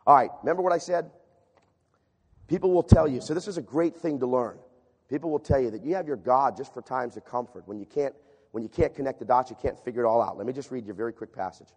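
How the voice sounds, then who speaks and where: A man's voice: medium pitch, fast, breathy edge. Male preacher in an echoing hall. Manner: animated, sweeping from loud emphasis to hushed reading. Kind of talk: sermon with scripture reading. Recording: long reverb of a large hall.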